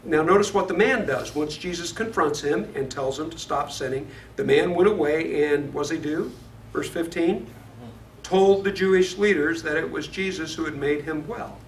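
A man from Florida teaches a Bible study lesson conversationally, often putting questions to the class. His voice is fairly high and his pace normal, recorded with the mic far off in an echoey room with slight background noise.

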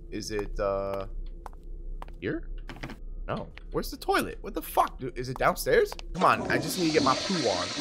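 A man doing jokey let's play commentary on a horror game, excitable, cursing and shouting at scares. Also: fairly low pitch, noisy background. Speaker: gameplay commentator.

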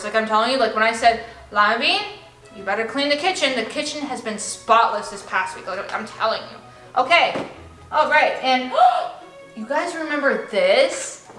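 A young woman vlogging at home, gushing and bubbly, with plenty of "like" and excited gasps. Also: a little high. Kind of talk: excited casual vlog. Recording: echoey room, faint music.

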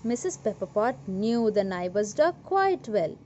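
A woman reading a story aloud to children, animated and stopping to ask questions. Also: mid-range voice, measured pace, highs cut off, a little hiss or hum. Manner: animated, asks listeners questions.

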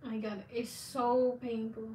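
A woman vlogger talks casually to her viewers in a rambling, candid way, breaking often into exclamations. Her voice sits a little high for a woman. She sounds set back from the mic in a roomy, echoing space. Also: level tone, slow, warm tone, distant mic, a little hiss or hum. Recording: echoey room, voice off-mic.

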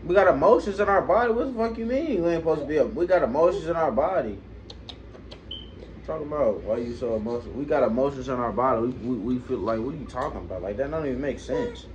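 A man's voice: medium pitch, fast talker, a little mellow. Indignant young man, lo-fi noisy recording. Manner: indignant, repetitive rambling. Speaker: boyfriend being pranked. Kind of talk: casual chat. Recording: dull lo-fi sound with clear background noise.

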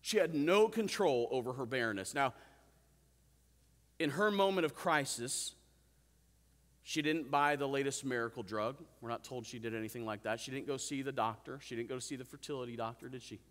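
Male pastor delivering a sermon, mid-pitched voice, long hall echo, earnest with wry asides. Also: normal speed, a bit bright. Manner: calls out "Amen?" and asks the congregation questions; earnest, with self-amused asides. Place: church sanctuary.

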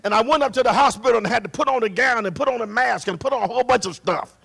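Male pastor, very high gravelly voice, preaching a sermon with shouted singsong peaks. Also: quick pace. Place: church. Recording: live church recording.

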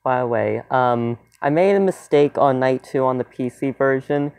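A man's voice: mid-range voice, moderate pace, creaky, darkish tone, smooth. A young man doing casual let's play commentary, hesitant and rambling with fillers. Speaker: gameplay youtuber.

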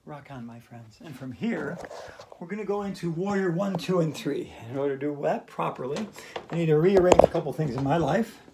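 Silly, gravelly-voiced woman teaching yoga. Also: sits low, lively intonation, a little fast, background noise. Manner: silly, chatty, breaks into singing. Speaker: yoga instructor. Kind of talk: playful home yoga lesson. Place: home hallway.

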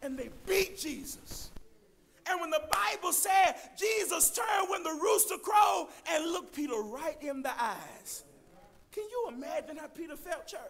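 A man preaching a sermon, loudly addressing the congregation as church, with a gravelly edge. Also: very high voice, big pitch swings, measured pace. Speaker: pastor.

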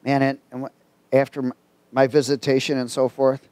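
A man preaching a sermon, telling a personal story in a folksy, colloquial way and reading scripture slowly and emphatically. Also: medium pitch, flat delivery, a little mellow, dry recording.

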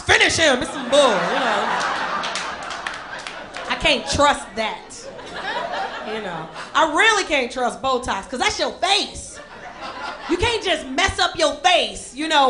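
A young woman from Chicago doing a sassy, animated stand-up set on a club stage, jumping into high quoted voices for the people in her jokes. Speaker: stand-up comedian.

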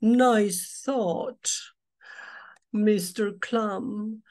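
A woman voicing a gloomy, sulky male fish in a storybook, chanting his rhyme slowly and a little louder and higher. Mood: glum chant. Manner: slow rhyming chant, louder and drawn out.

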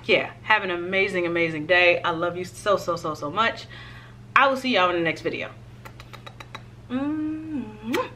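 A woman's voice: lowish voice, a little fast, a little hiss or hum. Chatty woman vlogger talking to viewers. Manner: chatty and expressive, talks straight to viewers. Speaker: fashion vlogger. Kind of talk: casual try-on haul chat.

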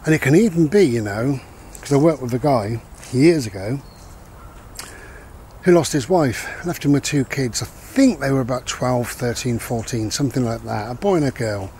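A man's voice: mid-range voice, expressive, normal speed, a little mellow, a little hiss or hum. Reflective man rambling outdoors. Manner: reflective, repeats his key points. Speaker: vlogger giving life advice. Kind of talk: casual rambling monologue. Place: outdoors walking a dog.

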